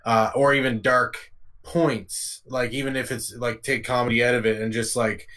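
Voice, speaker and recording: A man on a livestream panel who talks haltingly, filling his sentences with lots of ums and uhs. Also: mid-range voice, level tone, pushed and bright. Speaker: panel guest. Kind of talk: casual group discussion.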